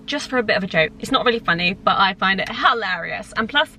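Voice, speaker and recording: A woman's voice: medium pitch, expressive, fast talker, bright, forceful tone. A woman in her twenties, an influencer chatting casually and self-mockingly to her viewers from inside her car. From United Kingdom. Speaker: lifestyle influencer. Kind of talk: casual chat to camera. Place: inside a car at a drive-thru.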